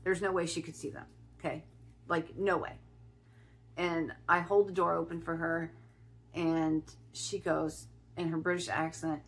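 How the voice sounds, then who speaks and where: A middle-aged woman from Ohio telling a personal story in a chatty vlog, often restarting her sentences and filling pauses. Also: sits low, little pitch movement. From Ohio, USA. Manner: chatty, with many restarts and fillers. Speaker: spiritual vlogger.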